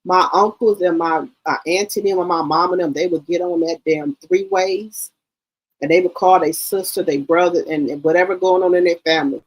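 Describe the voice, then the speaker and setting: A middle-aged woman hosting a livestream, chatting in a casual, animated storytelling way and calling her listeners baby and girl. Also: on the low side, normal speed, rough recording. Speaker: livestream host.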